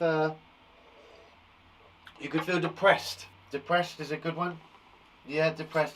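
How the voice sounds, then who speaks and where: A man with an English accent teaching a live online lesson to young children, lively and animated, acting out example sentences. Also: medium pitch, measured pace, recorded from a distance, slight background noise, rough recording. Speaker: primary school teacher.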